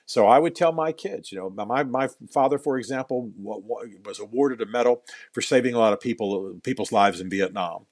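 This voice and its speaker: A middle-aged man, an author interviewed on a podcast, speaks in a mid-range, darkish voice at a brisk clip with few pauses, recorded dry. He tells earnest stories, often repeating words as he builds a point, and slips in dry jokes at his own expense.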